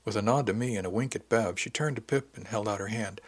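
A man's voice: lowish voice, fast talker, breathy edge. A man narrating a novel in the first person with a dry, wry storytelling manner. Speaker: audiobook narrator.

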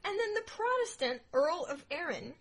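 A woman co-hosting a casual history podcast, telling the story playfully with jokes and loud asides. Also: very high-pitched, sing-song, normal speed, low-quality recording. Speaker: podcast co-host.

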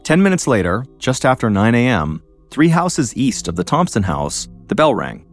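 A man hosting a podcast, telling a true-crime story in a measured, suspenseful scripted narration. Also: medium pitch, sing-song, soft background music. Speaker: podcast host.

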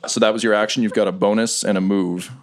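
Low-voiced man running a tabletop game. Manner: relaxed, swearing, halting with fillers. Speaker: game master.

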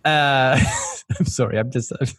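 A man playing a character in a tabletop game, telling his part with laughs and halting restarts. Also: mid-range voice, heavy background noise. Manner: giggly, halting storytelling. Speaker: player. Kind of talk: casual tabletop play.

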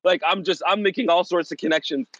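Male minister in his forties, podcast guest, lively storyteller, fairly high voice. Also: quick pace, no room sound, highs cut off. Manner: animated, acts out the voices of others. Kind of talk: personal storytelling in an interview.

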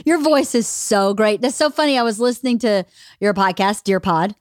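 A woman hosting a podcast in casual interview chat, enthusiastic and quick to laugh. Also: medium pitch, no room sound, studio quality. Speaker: podcast host.

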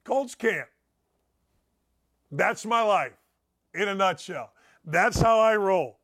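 A middle-aged man hosting a sports radio show, with a strikingly high voice. He tells rambling stories in an excitable way and laughs at his own punchlines. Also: slow. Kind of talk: animated storytelling monologue.

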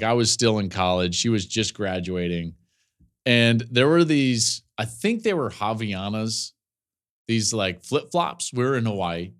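Animated man riffing on college football. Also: medium pitch. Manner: animated, laughing storyteller with quick asides. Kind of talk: podcast commentary.

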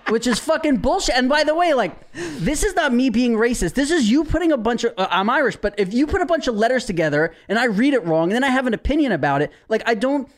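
A man's voice: very high voice, expressive, fast talker. A man chatting as a podcast guest, ranting and mocking with plenty of swearing. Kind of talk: casual chat.

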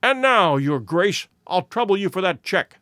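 Guy reading as a cool unbending detective, precise and clipped, lively pitch, dry close sound. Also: dry recording, full character voice. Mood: cool, measured. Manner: cold, measured, inexorable. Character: cold, inexorable male detective, sharp and precise.

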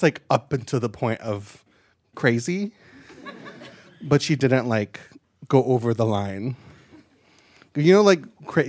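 Slow-talking stand-up comedian, mid-pitched man. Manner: chatty and self-deprecating, many fillers and asides. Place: live comedy stage.

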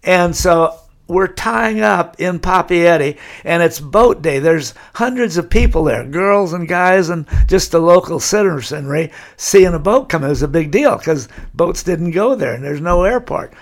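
A man's voice: fairly high pitch, expressive, measured pace. An older man from California, telling long anecdotes in an interview and chuckling as he goes. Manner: rambling anecdotal storyteller, chuckles. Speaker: guest. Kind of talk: storytelling interview.

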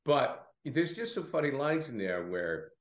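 A man's voice: medium pitch, very animated, unhurried, echoey room. A man co-hosting a film podcast, chatting casually and rambling through false starts and self-corrections.

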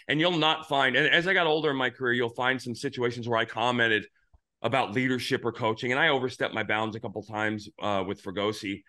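A middle-aged man, a podcast host and former pitcher, runs a baseball talk show and rambles through stories with lots of restarts. His medium-pitched voice is steady, bright and forceful, and he talks fairly quickly in a casual sports-chat style.

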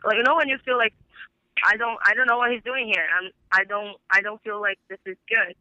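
A woman's voice: mid-range voice, fairly even intonation, fairly quick, dry recording. Heated woman on a phone line. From Brazil. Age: 20s. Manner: heated, swearing storyteller who acts out quoted dialogue. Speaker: caller. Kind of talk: casual phone call. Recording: bright thin phone line.

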